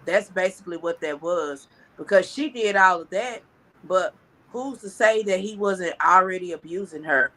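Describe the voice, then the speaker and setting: A man co-hosting a casual commentary chat, talking reflectively and haltingly with many pauses. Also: high-pitched, bright, forceful tone. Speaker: co-host.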